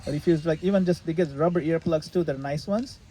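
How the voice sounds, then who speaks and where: A man leading a retreat session, explaining a practice in a relaxed, casual way and sometimes laughing at his own jokes. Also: a little high, fast talker, low-quality recording. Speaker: retreat leader answering questions. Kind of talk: casual teaching in a group session. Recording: faint background noise.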